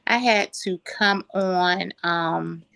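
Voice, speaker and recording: Woman, bright voice, animated storyteller on a video call. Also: fairly low pitch, drawn-out words, gravelly, smooth. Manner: animated storytelling, quoting others. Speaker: insurance agent sharing a win. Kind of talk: casual group call testimony.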